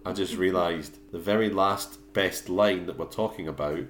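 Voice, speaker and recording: A man's voice: sits low, moderate pace. Wry man, echoey room. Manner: wry, exasperated, joking. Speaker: podcast co-host. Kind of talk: casual film review chat. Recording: echoey room with faint noise.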